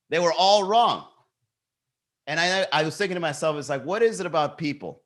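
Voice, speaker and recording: Bright-voiced animated podcast host man. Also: fairly high pitch. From Miami. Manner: animated storytelling, swears freely, jokes with chat. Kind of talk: casual live-stream rant.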